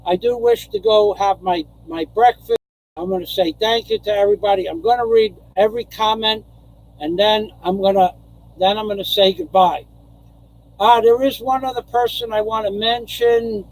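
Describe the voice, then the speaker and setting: A man's voice: high-pitched, steady tone, moderate pace, poor audio. An older man from New York rambling through a casual live stream, repeating phrases and chuckling as he goes.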